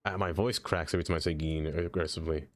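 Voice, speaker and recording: A man's voice: very deep voice, steady tone, quick pace. A young man from Brooklyn, rambling and joking as he reads chat on a casual gaming stream. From Brooklyn, New York.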